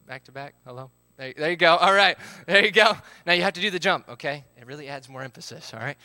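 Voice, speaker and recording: A man's voice: on the high side, lively intonation, quick pace, pushed and bright, no room sound, studio quality. A man, leading a live group game, upbeat as he calls out counts and instructions.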